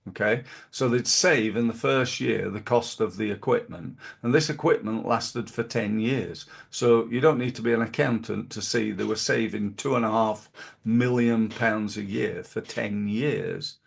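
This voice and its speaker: A man's voice: on the low side, a little slow, gravelly, husky. A middle-aged man hosting a podcast, talking through business advice in a rambling, casual way with many fillers and restarts. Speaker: podcast host.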